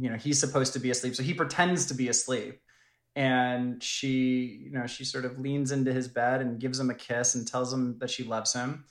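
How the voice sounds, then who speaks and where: A documentary filmmaker discusses his work in a conversational interview, sounding thoughtful while using plenty of fillers and restarting his sentences. His voice sits at medium pitch, and the recording has a roomy sound.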